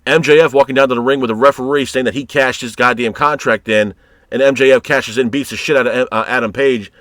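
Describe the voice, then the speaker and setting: A man's voice: medium pitch, fairly bright tone, no echo, studio quality. A man reviewing a wrestling show in a heated, profane rant, exasperated and blunt. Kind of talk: ranting commentary.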